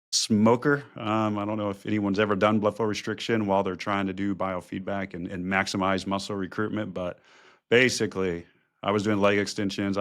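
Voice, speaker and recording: A middle-aged man hosting a podcast, casual and chatty with plenty of "um"s. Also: on the low side. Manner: relaxed, chatty, many fillers. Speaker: podcast host.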